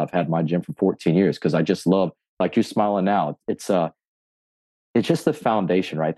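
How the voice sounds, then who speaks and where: In a podcast interview with no room sound, a man in his forties who owns a gym and coaches fitness tells his story in a low voice. His delivery is animated, peppered with casual profanity, and he performs other people's quotes.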